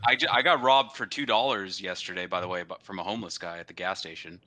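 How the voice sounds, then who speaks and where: Man, fast talker, bright tense tone, joking and casual. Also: low voice. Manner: quick, joking, swears often. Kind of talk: casual chat.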